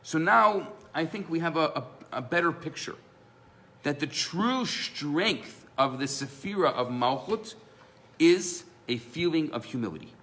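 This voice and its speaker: A man teaching a live class as a rabbi, telling stories with lively acted-out voices. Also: a little high, measured pace, gravelly. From Canada. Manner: animated storyteller, acts out voices in his tales. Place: synagogue classroom.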